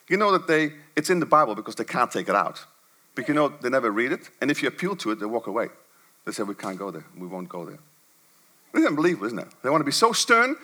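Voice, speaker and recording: A male preacher delivering a sermon in a fairly high, bright voice. His pitch roams widely, sinking to low, quiet asides and then climbing to sharp, emphatic bursts. It is the sound of a man working a church congregation. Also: breathy edge.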